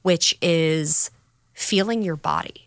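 A woman's voice: low voice, slow pace, dry recording, studio quality. A woman talking candidly about recovery in a casual podcast chat, telling stories with quoted voices.

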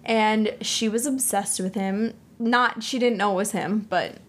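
A woman co-hosting a casual movie podcast, animated and swearing freely as she acts out scenes. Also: medium pitch, unhurried, a little hiss or hum. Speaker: podcast co-host.

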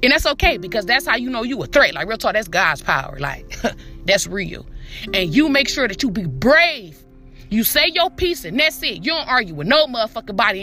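High, bright-voiced woman preaching profanely. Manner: profane, preachy, calls listener "my baby"; repetitive, emphatic street talk. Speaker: podcast host. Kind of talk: motivational monologue.

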